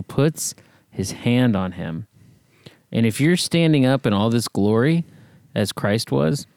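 With a fairly low, slightly mellow voice and no room sound, a man works through a Bible passage in casual discussion. He explains things conversationally, often checking in with a rhetorical "right?".

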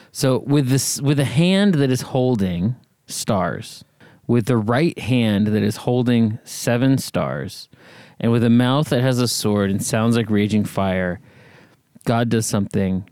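A man's voice: mid-range voice, a little mellow, no echo. A man talking through a Bible passage in casual discussion, explaining things and often checking in with "right?". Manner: conversational, explains with rhetorical "right?".

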